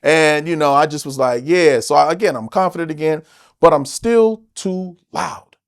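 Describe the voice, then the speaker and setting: A man from the United States, an actor guest telling stories in a casual interview, animated and emphatic, with plenty of swearing. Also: fairly high pitch, normal speed, dry recording, studio quality.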